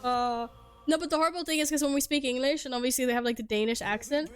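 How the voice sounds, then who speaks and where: A woman's voice: sits high, fast, faint music behind. A woman from Sweden, chatting casually on stream through a headset, swearing and laughing often. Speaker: game streamer.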